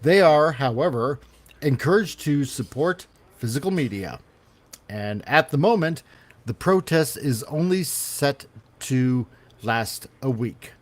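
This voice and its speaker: A man's voice: mid-range voice, animated, takes it slowly. A man hosting a casual podcast, reading gaming news with rambling, self-correcting sarcastic asides. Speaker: podcast host.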